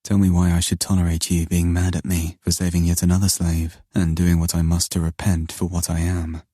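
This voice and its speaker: A man voicing a dominant, possessive husband in an audiobook, speaking in a low, hushed, commanding way. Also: completely flat delivery, a little fast, no room sound, clean studio sound.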